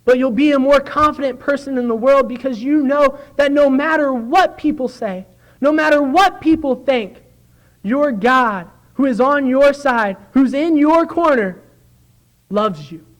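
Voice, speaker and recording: Casting: young male church speaker, very high voice, earnest, delivering a sermon. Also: measured pace, poor audio. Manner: earnest, acts out quoted dialogue. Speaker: church speaker giving the lesson. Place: church sanctuary.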